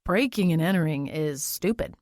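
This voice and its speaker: A woman's voice: low-pitched, lively intonation, moderate pace, a little mellow, dry recording, clean studio sound. A woman voicing a stern male defense attorney who barks orders like a drill sergeant. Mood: stern, commanding.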